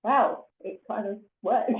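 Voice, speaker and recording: Woman participant, hesitant and halting, on thin, roomy call audio. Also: medium pitch. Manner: hesitant, searches for words with many fillers. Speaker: class participant. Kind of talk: casual sharing on a video call. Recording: tinny phone-like audio in an echoey room.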